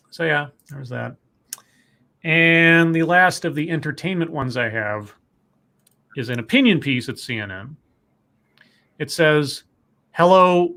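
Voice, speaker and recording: A man's voice: fairly high pitch, creaky, sharp tone. A man co-hosting a casual talk stream, reading news stories and viewer messages aloud and correcting himself as he goes. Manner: reads quotes aloud, self-correcting.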